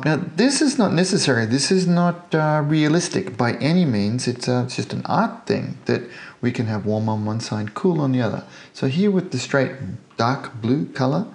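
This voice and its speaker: A man's voice: mid-range voice, creaky, darkish tone. An Australian man talking through a model painting tutorial in a chatty way, with jokey self-deprecating asides. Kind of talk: casual tutorial narration while painting.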